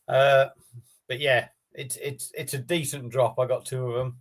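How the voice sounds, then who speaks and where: A man hosts a relaxed live stream, talking off the cuff to viewers. His delivery is rambling and matey, with easy swearing thrown in. His voice sits at an ordinary middle pitch. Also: moderate pace. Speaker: beer review streamer. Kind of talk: casual live-stream chat.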